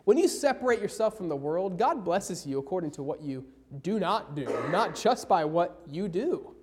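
A man preaches a sermon with an animated, swooping voice that rises and falls across each sentence. He drags out the phrases he wants to stress and slips into old scripture wording when he quotes. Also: high-pitched, background noise. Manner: emphatic, slows down for key phrases.

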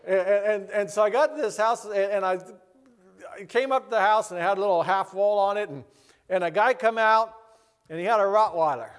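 Middle-aged male pastor, slightly high voice, rambling anecdote full of restarts, acts out other people's voices, long hall reverb. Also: fairly quick, smooth. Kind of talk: personal anecdote storytelling.

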